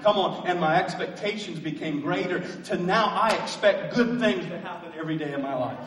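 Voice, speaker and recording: Pastor guy with a high voice preaching, echoey church sound from a ways off. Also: normal speed, fairly bright tone, far from the mic. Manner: rising to emphatic call-and-response preaching. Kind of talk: sermon. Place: church sanctuary.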